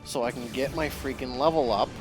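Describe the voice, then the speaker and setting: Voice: medium pitch, fairly quick, music in the background. A let's play host commentating on a video game, exasperated and laughing in frustration at a fight that will not go their way.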